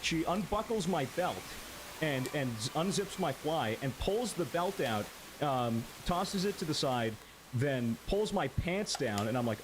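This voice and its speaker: A man's voice: a little high, animated, measured pace. A man telling a story in casual chat, swearing and laughing as he goes. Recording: loud background noise.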